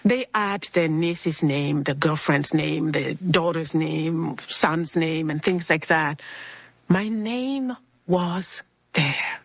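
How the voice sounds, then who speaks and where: A woman's voice: sits low, takes it slowly, gravelly, breathy edge, no room sound, dull audio. A woman earnestly telling a personal faith story, acting out the people in it as she goes. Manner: earnest, acts out quoted people in her story. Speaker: speaker sharing a personal faith testimony.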